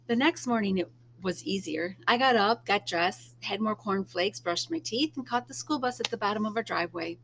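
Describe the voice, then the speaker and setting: A woman reading a first-person novel aloud in a soft, unhurried storytelling manner, now and then dropping to a hush. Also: mid-range voice, lively intonation, slight background noise. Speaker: reader.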